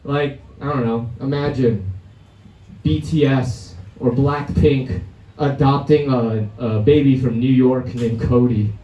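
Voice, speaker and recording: A man's voice: mid-range voice, steady tone, takes it slowly, warm tone, highs cut off. A young man performing a stand-up comedy set at an open mic, brash and crude, laughing at his own jokes. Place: comedy club stage. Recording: roomy live club sound from a distance.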